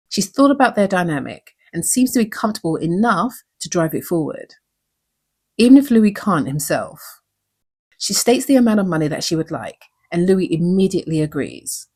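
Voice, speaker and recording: On her YouTube channel, a recap host earnestly and emotionally picks apart a TV episode, posing many rhetorical questions. She speaks in a lowish, slightly mellow voice that carries a breathy edge.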